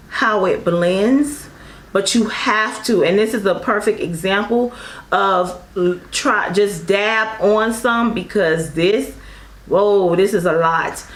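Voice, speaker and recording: Chatty beauty vlogger woman, echoey room. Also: mid-range voice. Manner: chatty and effusive, calls viewers girl and honey; apologetic, rambling asides. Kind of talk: casual makeup review.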